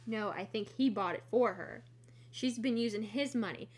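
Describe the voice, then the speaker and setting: A young woman co-hosting a book podcast, recapping the plot excitedly with lots of fillers. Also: mid-range voice, moderate pace, breathy edge. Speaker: podcast co-host. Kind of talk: casual book podcast chat.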